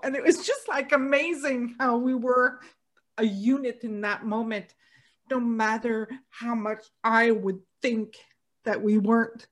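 A woman hosting a podcast, telling a personal story in a heartfelt, halting way with many restarts. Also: on the high side. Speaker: podcast host.

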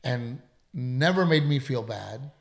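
Middle-aged male comedian, gravelly voice, candid and emphatic, swears a lot. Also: medium pitch, expressive, takes it slowly. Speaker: comedian and podcast co-host. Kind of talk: casual storytelling chat.

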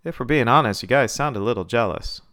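A man's voice: medium pitch, fast talker, fairly bright tone, close to an everyday voice. A man voicing a defiant young female Marine who speaks firmly and with mocking confidence.

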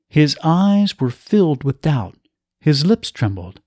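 A man reading a story aloud in a measured, expressive way. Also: fairly high pitch, dry recording, clean studio sound. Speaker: narrator.

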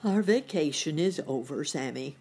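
A woman voicing a kindly, fussy old gentleman rabbit in a storybook reading. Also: low-pitched, animated, moderate pace, breathy edge, full character voice. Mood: rueful.

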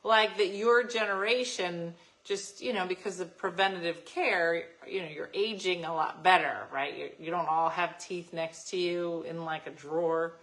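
A woman's voice: on the low side, normal speed, few pauses, fairly bright tone, rough recording. A woman co-hosting a morning radio show, chatting casually and rambling a little as she talks.

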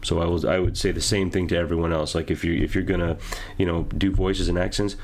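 A man's voice: low voice, little pitch movement, quick pace. A man co-hosting a casual roundtable chat about tabletop games, rambling with many restarts. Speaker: podcast co-host.

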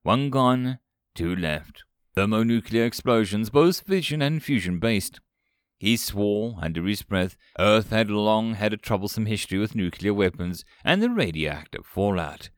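A man narrating a science fiction story in an expressive, animated reading style. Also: fairly low pitch, moderate pace, dry recording, clean studio sound.

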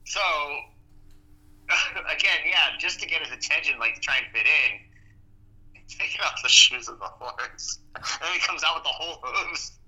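Very bright-voiced laughing man. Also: a little high, animated, moderate pace, long pauses, low-quality recording. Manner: laughs often, retells scenes with hesitant fillers. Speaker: podcast co-host. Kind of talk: casual movie chat.

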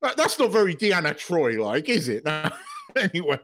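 A fairly high-voiced man chatting on a podcast, worked up and enthusiastic. He swears freely and keeps breaking into laughter as he argues his point. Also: big pitch swings, moderate pace, noisy background. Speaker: podcast co-host. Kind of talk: casual chat.

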